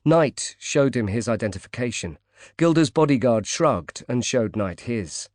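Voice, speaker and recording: A man narrates an audiobook in a measured, steady way. His voice sits in a middle pitch. The recording is close and dry, with no room sound. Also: no room sound. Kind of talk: scripted narration.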